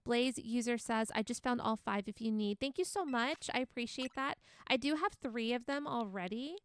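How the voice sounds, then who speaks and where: A woman's voice: fairly high pitch, normal speed, clean tone, no echo. A young woman streaming a game live, chatting casually, reading chat aloud and laughing often.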